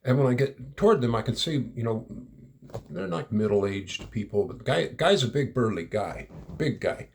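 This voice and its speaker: A man's voice: medium pitch, animated, normal speed, creaky, a little hiss or hum. A middle-aged man telling a rambling personal anecdote, repeating words and chuckling as he goes. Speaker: storyteller. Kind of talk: personal anecdote told aloud.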